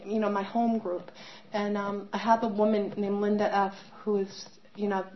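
A woman's voice: mid-range voice, little pitch movement, normal speed, muffled recording. A middle-aged woman telling her personal recovery story, candid and conversational, with many fillers and restarts. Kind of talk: personal testimony talk.

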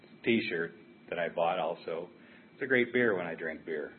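A man's voice: low-pitched, moderate pace. An older man telling his own recovery story at a meeting, candid and blunt in a conversational way. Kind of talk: personal recovery share. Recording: tinny phone-like sound with faint hiss.

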